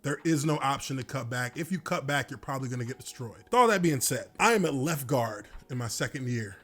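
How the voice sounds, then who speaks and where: A man, a former football lineman, telling a story from his playing days in an animated way, swearing and laughing now and then. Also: mid-range voice, a little fast. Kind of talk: storytelling monologue.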